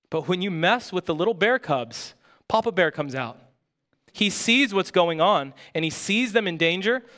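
A man's voice: on the high side, a bit bright. A pastor preaching a sermon in an earnest, emphatic way, asking his listeners rhetorical questions.

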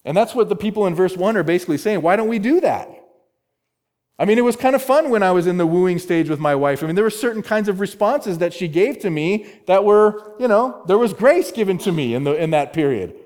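A man's voice: high-pitched, expressive, quick pace, hardly any pauses, a little mellow. A male pastor preaching an expository sermon, emphatic, repeating key words and asking rhetorical questions.

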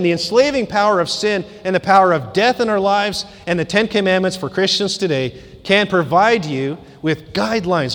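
A man preaching a sermon in a slightly higher voice than most men. His delivery is emphatic, and he climbs on key points between casual asides to the congregation. A long reverb trails every phrase, as in a big church hall. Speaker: pastor.

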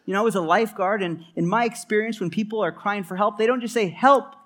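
A man's voice: sits high, fast talker. A man preaching a sermon in an earnest, emphatic way, often stacking repeated phrases. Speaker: pastor.

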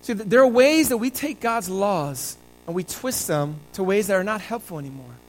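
High-voiced man preaching a sermon. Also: expressive, moderate pace, low-quality recording. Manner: storytelling, conversational preaching. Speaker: pastor.

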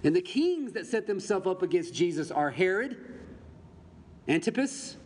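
A man's voice: high-pitched, very animated, moderate pace, darkish tone. A man preaching a sermon to his congregation, putting rhetorical questions to them as he teaches from the Bible. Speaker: pastor. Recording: long reverb, faint background noise.

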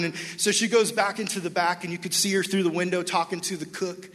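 A high-pitched male preacher tells a story from the pulpit, acting out every character's lines with lively energy. His voice is bright and forceful, and it rings through a reverberant church sanctuary. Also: fairly quick. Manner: animated, acts out dialogue, laughs with congregation. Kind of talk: sermon with storytelling. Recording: long hall reverb.

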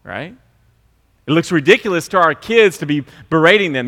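Bright-voiced preacher in a reverberant hall. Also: male voice, on the high side, expressive, normal speed. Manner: swings from quiet asides to loud mocking impressions. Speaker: pastor. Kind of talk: sermon.

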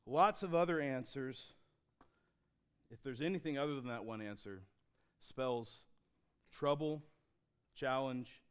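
A man preaching a sermon in a church, talking conversationally with restarts and slowing down when he reads scripture. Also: medium pitch, clean tone. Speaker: pastor.

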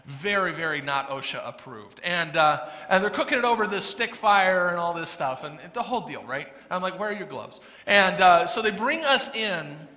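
A man's voice: a little high, sharp tone, reverberant, long reverb tail. A man preaching a sermon, telling a funny personal story and building to an impassioned close. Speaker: pastor.

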